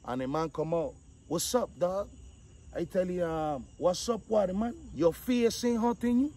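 A man, animated casual storytelling, acting out the voices of the people in his story. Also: sits high, measured pace. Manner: animated, acts out quotes, repeats 'dog'.

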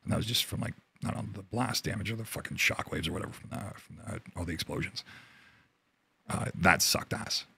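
A very deep, gravelly man from Canada talks through a war story as an interview guest. His voice is husky, with a rough fry on it. He swears freely and often breaks off mid-sentence to start again, and the recording is close and dry. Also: bright, forceful tone, no room sound. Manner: profane, halting, restarts often. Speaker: interview guest, army veteran.

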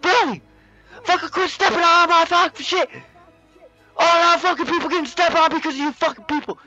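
A man voicing an angry, traumatized little cockroach that rants and pleads in a shrill, frantic way. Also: steady tone, fairly quick, sharp tone, muffled recording, soft background music, full character voice. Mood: furious. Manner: shrill, frantic, profane ranting. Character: angry traumatized cockroach, small, jittery, ranting.

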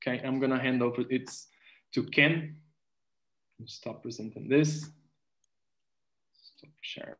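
A man moderating an online webinar over a video call, unhurried as he reads out audience chat and hands over to a speaker. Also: medium pitch, steady tone, fairly bright tone, low-quality recording.

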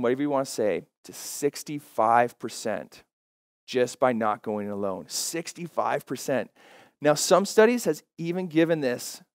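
Male pastor, mid pitch, emphatic sermon delivery, dry recording. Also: no echo. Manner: emphatic, repeats key phrases slowly. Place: church.

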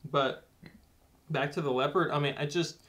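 A man's voice: fairly high pitch, steady tone, moderate pace, a bit bright. A young man co-hosting a casual movie review chat, earnest and rambling as he works through his points. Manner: earnest, rambling with many fillers and restarts. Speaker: co-host of a movie review show.

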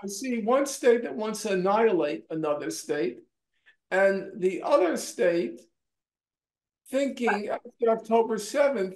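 Emphatic high-voiced older man in echoey room. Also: expressive, measured pace, darkish tone. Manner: emphatic, rhetorical questions, many fillers and restarts. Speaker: interview guest. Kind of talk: argumentative interview answer.

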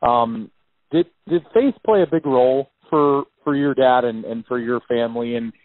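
A man hosts a podcast interview and stumbles over his first words, repeating them before he gets a question out. His voice has an ordinary mid pitch. The sound is narrow and phone-like, with no room around it. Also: moderate pace, no echo. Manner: stammering, repeats words when starting a question. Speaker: podcast host. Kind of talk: casual interview.

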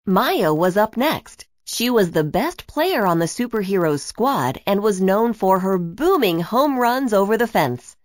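Woman narrator, children's storybook, animated, swooping pitch, dry close sound. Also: a little slow, few pauses, no room sound. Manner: expressive, animated.

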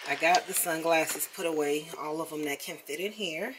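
A woman's voice: low voice, normal speed, music in the background. A woman vlogging at home in a casual, chatty way, talking straight to her viewers. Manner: chatty and easygoing, calls the viewer "child". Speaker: lifestyle vlogger. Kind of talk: casual chat to camera. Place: home, indoors. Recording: echoey room.

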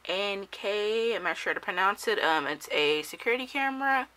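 A woman's voice: medium pitch, lively intonation, normal speed, sharp tone, slight background noise, rough recording. A woman casually reviewing and unboxing a gadget, talking hesitantly with many ums and self-corrections. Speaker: product reviewer.

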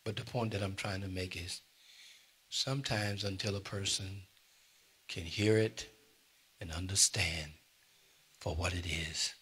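An older man preaches a sermon in church, his low voice bright and forceful with a husky grain. He moves between quiet, confiding asides and sharp, loud declarations, often calling out to his congregation. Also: measured pace, pauses often. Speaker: pastor.

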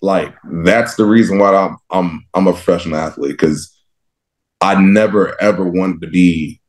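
A young man from Texas with a low, deep voice tells stories from his football life in a relaxed interview. He is animated, laughs often and acts out his younger self in his own words. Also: normal speed. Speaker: guest, professional football linebacker. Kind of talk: casual interview storytelling.

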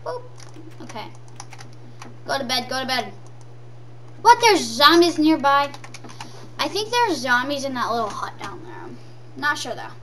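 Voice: high-pitched, very animated, unhurried, pauses often, a bit bright. A gameplay commentator talking in a silly, sing-song way and repeating lines over and over. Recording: distant from the mic, faint noise.

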